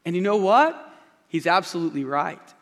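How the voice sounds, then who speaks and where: Male pastor preaching emphatically from a big church stage; fairly high voice carrying a long room echo. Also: expressive, fairly quick. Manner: emphatic preaching, repeats key phrases, addresses the congregation directly. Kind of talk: sermon. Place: large church auditorium with a stage. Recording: long reverb of a large hall.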